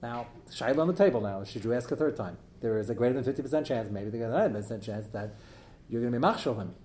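A middle-aged man teaching a live class as its rabbi, animated and joking, with many fillers as he digresses. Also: medium pitch, racing, reverberant, slight background noise. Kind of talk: live lecture to an audience.

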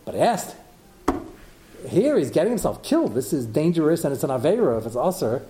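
Guy giving a talmud class, kinda high voice but soft and mellow, keeps asking questions out loud. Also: expressive, quick pace, a little hiss or hum. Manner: thinks aloud, asks rhetorical questions, mixes Hebrew terms. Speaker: Torah teacher. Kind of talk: Talmud lecture.

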